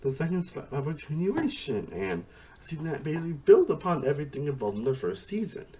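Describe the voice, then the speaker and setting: There's slight background noise as a TV show reviewer talks quickly in a fairly high, dark, sing-song voice. The man rambles casually about the series, restarting his sentences mid-thought and relying on "honestly" and "again."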